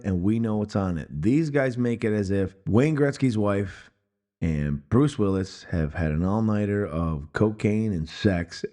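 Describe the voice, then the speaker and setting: Guy cohosting a movie podcast, swears a lot, voice jumps all over, mocking rants. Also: lowish voice. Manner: profane, animated, mocking rants. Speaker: podcast co-host. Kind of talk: casual film-review banter. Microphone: headphones and studio mic.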